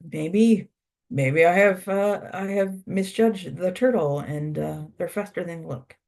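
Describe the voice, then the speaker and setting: An earnest, confident young warrior, voiced by a storyteller in a plain everyday voice speaks in a spoken folk tale. His voice sits at an ordinary middle pitch. He is polite and sure of himself. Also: unhurried, vocal fry, darkish tone.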